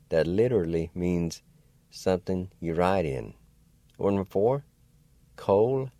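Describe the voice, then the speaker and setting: A man hosting a radio language lesson, slowly spelling words out letter by letter and sounding out syllables in an encouraging, folksy way. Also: sits low, expressive, dark tone, no echo. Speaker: radio host and language teacher.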